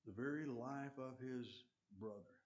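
A man preaching a sermon, stressing points loudly, then dropping to quiet asides, and often repeating his phrases. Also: medium pitch, measured pace, highs cut off.

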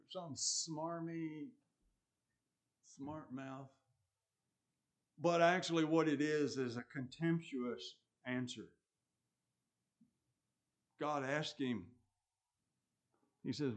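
A man preaching a sermon, stressing points loudly, then dropping to quiet asides, and often repeating his phrases. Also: on the high side, slow pace, pauses often.

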